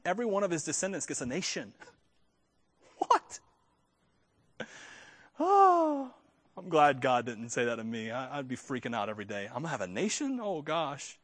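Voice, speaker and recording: A male pastor delivering a Sunday sermon in a church. His voice sits high for a man. He talks with animated energy, slipping in joking asides and teasing his listeners. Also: moderate pace, long pauses.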